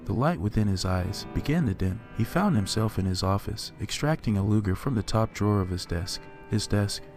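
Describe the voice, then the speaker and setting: A man reads a horror story aloud in a measured, somber way. His voice sits low, and quiet music plays faintly beneath the narration.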